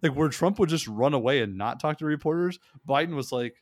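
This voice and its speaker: A man's voice: a little high, expressive, a little fast, no echo, clean studio sound. A man chatting casually on a podcast, rambling and laughing often, swearing freely. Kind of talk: casual chat.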